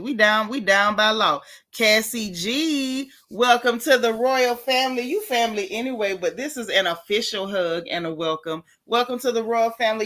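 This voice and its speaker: Woman running a gossip livestream, chatty, kinda high voice, greets folks one by one. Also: fairly bright tone. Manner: chatty, greets viewers by name, drawn-out repeated phrases. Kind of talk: casual live-stream chat.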